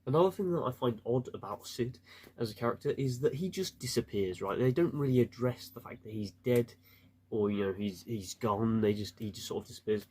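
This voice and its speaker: A man's voice: mid-range voice, a little fast, a little mellow, slightly rough. A man giving a casual, rambling spoken review, full of fillers and restarts. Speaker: video reviewer.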